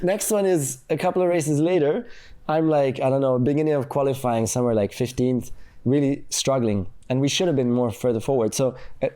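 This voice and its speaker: Animated man telling stories, mellow tone. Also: medium pitch. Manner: animated, acts out quotes, frequent fillers. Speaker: guest, former racing driver. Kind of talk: conversational storytelling interview.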